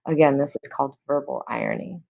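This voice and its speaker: Woman teacher with a gravelly voice. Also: rumbling low, brisk, darkish tone. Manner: casual, paraphrasing with fillers. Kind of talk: explaining a play to students.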